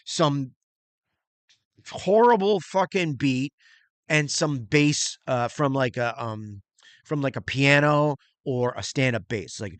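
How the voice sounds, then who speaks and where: A man's voice: medium pitch, slow pace, dry recording. A middle-aged man hosting his own channel, talking in a rambling, crude, casual way about music and his plans. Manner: rambling and crude, imitates beats with mouth sounds. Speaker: channel host reviewing music and movies. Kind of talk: casual solo vlog talk.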